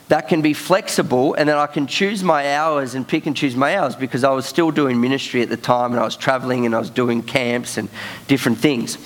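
A young man preaches in a casual storytelling style, slipping in fillers and laughing as he goes. His voice sits a little higher than most men's. He sounds loose and animated rather than formal. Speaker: pastor. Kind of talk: sermon storytelling.

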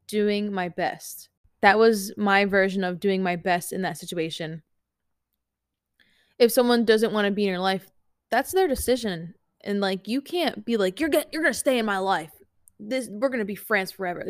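A young woman coach chatting casually in a vlog, animated and full of fillers, acting out her own past lines. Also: medium pitch, no room sound, clean studio sound. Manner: chatty, animated, lots of fillers and quoted self-talk.

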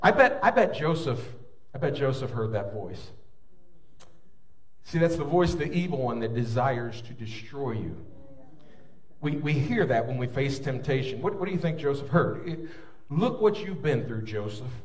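A man's voice: mid-range voice, animated, moderate pace, far from the mic. A man preaching a sermon, telling a personal story and building to fervent appeals. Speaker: pastor.

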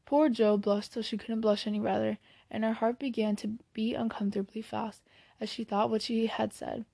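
A woman reading a classic novel aloud in plain, steady storybook narration, now and then correcting a slipped word. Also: a little high, moderate pace, vocal fry, slightly rough, dry recording. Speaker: audiobook reader.

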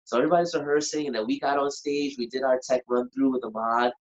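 Animated man telling a story, lo-fi. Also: medium pitch, quick pace. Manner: animated, acts out moments, sings snippets. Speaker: singer and performer. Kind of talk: casual storytelling. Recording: dull lo-fi sound.

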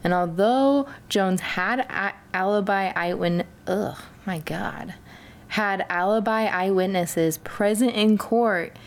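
A woman's voice: medium pitch, unhurried, hardly any pauses. A woman hosting a casual true-crime podcast, swearing freely and acting out the people in her stories. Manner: profane, animated storytelling, acts out quoted people. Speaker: podcast host.

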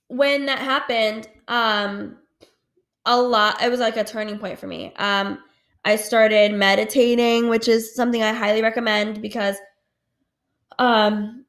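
A woman hosting a casual solo podcast, talking candidly, swearing freely and saying "like" a lot. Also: fairly high pitch. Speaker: podcast host. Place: home at night. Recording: roomy echo.

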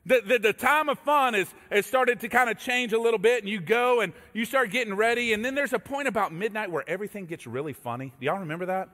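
A man preaching a sermon as a pastor, telling stories with animated energy and acting out voices. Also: sits high, fast talker, hardly any pauses. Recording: echoey hall reverb.

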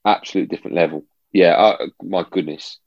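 A low-pitched man chats as a podcast guest, animated and emphatic, often repeating himself for effect. His voice is recorded close and dry, with a dull, slightly muffled tone. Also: brisk, no echo. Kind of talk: casual storytelling chat.

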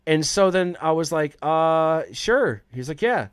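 A man's voice: fairly high pitch, lively intonation, unhurried, clean tone, no room sound, studio quality. A man, a chef and podcast host, telling a long story as an interview guest, swearing freely and acting out the people he quotes.

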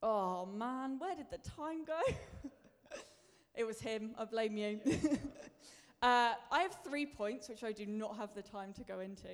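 A woman's voice: a little high, expressive, a little slow. A woman preacher giving a sermon in a chatty, self-deprecating way, building to emphatic bursts. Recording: long reverb of a large hall.

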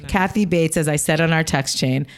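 Woman co-host, low-pitched, animated, quick opinionated asides, casual chat. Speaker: podcast co-host. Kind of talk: casual chat about film awards.

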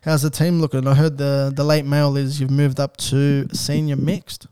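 Aussie male podcast host, laughs often, smooth clear voice. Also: medium pitch, little pitch movement, normal speed, warm tone, no echo, studio quality. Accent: Australian. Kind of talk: casual chat.

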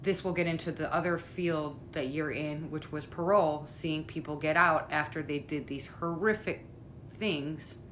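A woman's voice: deep voice, fairly even intonation, moderate pace, a bit bright, a little hiss or hum. A woman interviewing her sister in a casual conversation, asking probing questions in a blunt, outspoken way.

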